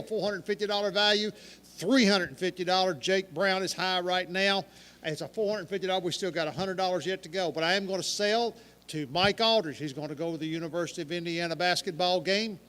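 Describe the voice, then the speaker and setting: A folksy man calls out bids for a local radio auction, his voice high and bright. He jokes with listeners between prices. A long hall reverb trails behind him. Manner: folksy, joking, rattling off bids.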